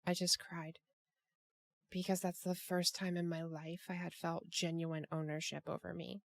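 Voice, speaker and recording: A woman's voice: lowish voice, level tone, moderate pace, vocal fry, no room sound. A woman hosting a casual group chat over a call, rambling with many restarts and fillers. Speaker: podcast host.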